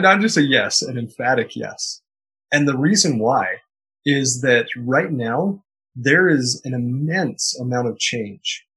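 A man speaks as a podcast guest, answering questions with earnest, motivational emphasis. His voice sits in a middle pitch range and has a slightly husky, breathy grain. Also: sharp tone, rough recording. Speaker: guest author and entrepreneur.

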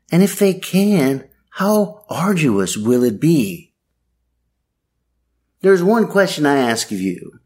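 A man preaching a sermon in a wry, sardonic way, with dramatic pauses. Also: a little high, darkish tone.

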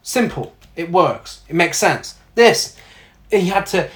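A man's voice: sits high, expressive, slow, a bit bright. Male co-host, sarcastic film critic, swears freely, conversational. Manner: blunt, sarcastic, swears often. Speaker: podcast co-host reviewing films. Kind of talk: casual film review chat.

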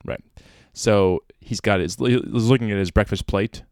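A man with a somewhat low voice co-hosts a loose book discussion. He jokes around with playful wordplay and reads passages aloud. The recording is close and dry. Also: moderate pace, darkish tone, dry recording. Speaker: podcast co-host.

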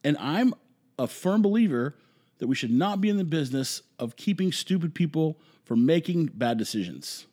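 A man's voice: on the high side, animated, normal speed, dark tone. Emphatic, rambling male commentator. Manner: emphatic, rambling, repeats words. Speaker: commentary host. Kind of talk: opinionated monologue.

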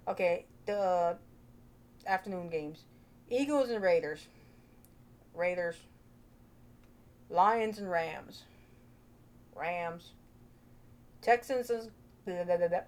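A woman's voice: fairly low pitch, slow pace, pauses often, a little mellow. A woman hosting a casual vlog, chatty and playful, thinking aloud into her own microphone. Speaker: vlogger host.

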